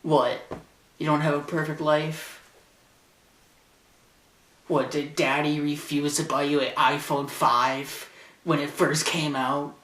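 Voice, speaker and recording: A man's voice: on the high side, level tone, slow pace, pauses often, bright, forceful tone, roomy sound, distant mic. A teenage boy ranting sarcastically and indignantly into a camcorder in his bedroom. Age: teens. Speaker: vlogger. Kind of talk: ranting vlog. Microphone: camcorder mic.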